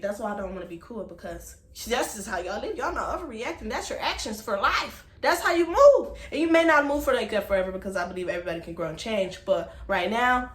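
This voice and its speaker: Woman, storytime vlog, emphatic, fairly high voice, echoey room. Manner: animated, emphatic, talks straight to viewers as y'all. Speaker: vlogger telling a personal story. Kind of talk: casual storytime to camera.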